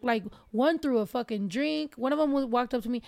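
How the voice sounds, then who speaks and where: A woman hosting a casual podcast, telling stories in a loud, profane, lively way. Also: on the high side, a little fast, creaky, no room sound.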